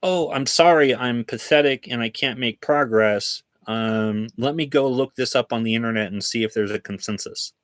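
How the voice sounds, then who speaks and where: A man's voice: medium pitch, moderate pace, hardly any pauses, a bit bright, no echo, lightly acted. A man mockingly voicing a fawning, evasive AI chatbot assistant in a sarcastic, singsong tone.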